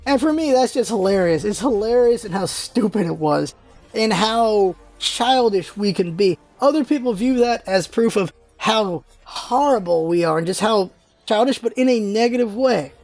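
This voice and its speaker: An American vlogger talking casually and rambling, jumping high in pitch when exasperated. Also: animated, normal speed, a little mellow, soft background music. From United States. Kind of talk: casual opinion vlog.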